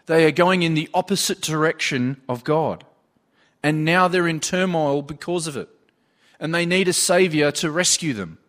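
Male preacher, slightly raised pitch, earnest storytelling sermon delivery. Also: a bit bright. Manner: earnest, storytelling with retold dialogue.

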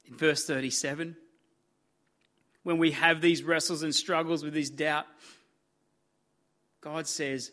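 A man's voice: a little high, little pitch movement, slow, long pauses, fairly bright tone. A man preaching a sermon in an earnest, emphatic way, building his points through repetition.

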